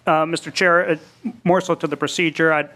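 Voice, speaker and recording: Committee member guy, talks fast, flat, lots of uhs. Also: fairly high pitch. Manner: hesitant, full of fillers. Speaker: legislator on committee. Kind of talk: procedural question at a hearing.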